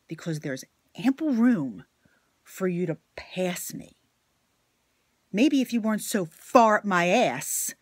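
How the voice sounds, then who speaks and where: A woman venting in an angry, profane rant to her viewers, blunt and swearing often, swinging between loud outbursts and quiet asides. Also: on the low side, dry recording. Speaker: vlogger. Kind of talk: profane ranting monologue to camera.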